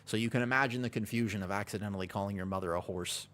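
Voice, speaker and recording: Streaming from home with a desk mic, this man talks fast in a fairly low, fairly bright voice. He rambles casually, makes self-deprecating jokes and reads messages from his chat out loud.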